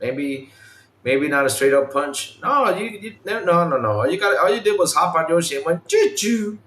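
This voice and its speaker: Man, podcast host, lively swooping voice, slightly high, echoey room. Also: normal speed. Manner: animated, mimics game sounds, swears casually. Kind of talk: casual gaming podcast chat.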